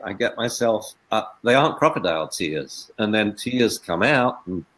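Low-voiced man telling lively stories. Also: normal speed, rough recording. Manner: expressive, swings from hushed to emphatic. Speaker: dog trainer and veterinarian, interview guest. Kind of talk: animated storytelling in interview.

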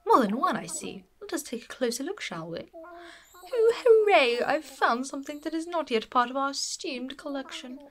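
A woman's voice: sits high, expressive, fairly quick, few pauses, sharp tone, pitched above the performer's own voice. A woman reading a fussy male owl curator's game lines in a put-on posh voice. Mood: excitable, posh. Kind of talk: reading game dialogue aloud in a voice.

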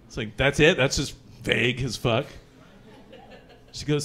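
A young man performing a crude, animated stand-up set at a brewery show, acting out panicked voices in his stories. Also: mid-range voice, a little slow, pauses often. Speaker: stand-up comedian.

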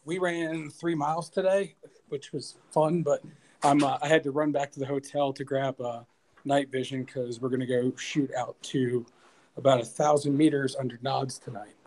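A man's voice: mid-range voice, steady tone, normal speed, a little mellow, poor audio. A man on a panel who speaks candidly, with frequent fillers and hesitations. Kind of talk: casual panel discussion.

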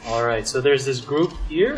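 A man talks through a co-op shooter with his friend in a relaxed, goofing-around way. His pitch sits in the ordinary middle range. He keeps it light and easygoing. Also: a little slow. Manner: playful, goofs around, easygoing. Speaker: gaming co-host. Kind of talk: casual gameplay chat.

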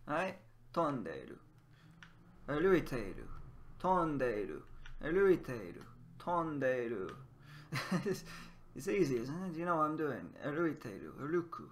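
In a fairly high, sing-song voice, a man teaches Japanese words during a relaxed gameplay lesson, speaking a little slowly with long pauses. He laughs a lot and repeats phrases to drill them.

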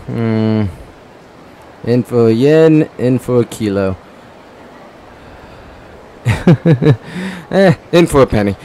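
A man's voice: mid-range voice, expressive, drawn-out words, long pauses, mellow, slight background noise. A man giving crude, joking commentary as he streams a game, laughing often. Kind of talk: casual gameplay commentary.

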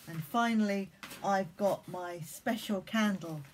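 A woman leading collective worship for primary school children, speaking gently and reading them a story. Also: medium pitch, slow pace, slight background noise.

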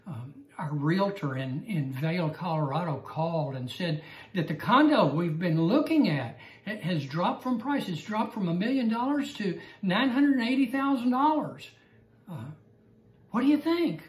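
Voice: medium pitch, big pitch swings, a little slow, echoey room, far from the mic, low-quality recording. A teacher putting on a sweet-voiced coaxing wife. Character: pampered wife asking for pricey purchases.

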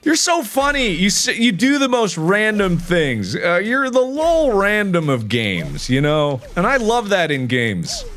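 Guy rage-gaming, slow drawn-out talk, goes from muttering to shouting real quick. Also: high voice, wildly swooping pitch. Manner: swings between muttering and yelling. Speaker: gaming video host. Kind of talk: frustrated gaming commentary.

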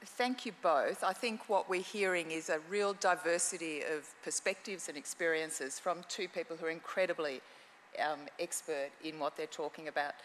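An Australian woman chairs a conference session with formal, gracious introductions. Her voice sits a little low but sounds bright and forceful, with faint hall ambience behind it. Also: moderate pace, a little hiss or hum. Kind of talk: conference moderation.

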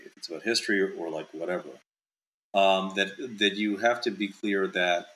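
Man, very low pitch, bright forceful tone, casual author interview, rambling, filler-heavy. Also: low-quality recording. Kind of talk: casual chat.

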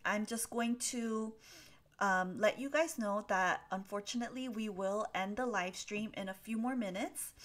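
A young woman teaches English on a live stream, reading out viewers' questions and answering them one by one. She speaks slowly and patiently, and her pitch sits in an ordinary middle range. Her delivery is gentle and full of small ums as she works through the chat.

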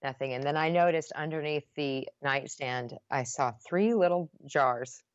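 Low-voiced woman telling an emotional story. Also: measured pace, dry recording, muffled recording. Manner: emotional, earnest retelling with many restarts. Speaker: podcast guest. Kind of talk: personal storytelling in conversation.

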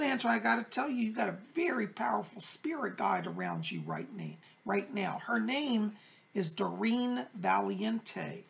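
A man with a high, creaky, slightly bright voice hosts his own psychic show. As a psychic medium, he chats casually and effusively with viewers, calling them by pet names.

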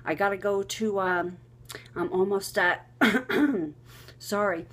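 A middle-aged woman vlogger casually telling a funny story, animated and swearing, giggling often. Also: medium pitch, takes it slowly.

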